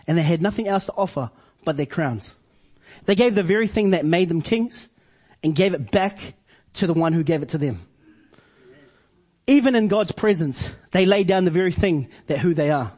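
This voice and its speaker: Husky high-voiced preacher. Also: male voice, darkish tone. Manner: preaching with slow emphatic repetitions. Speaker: pastor. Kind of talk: sermon.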